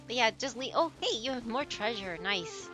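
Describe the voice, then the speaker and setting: A woman's voice: on the high side, animated, normal speed, music in the background. A young adult woman streaming a video game, chatting casually, gushing and laughing a lot. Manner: giggly, gushing, laughs often. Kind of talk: casual let's-play chatter.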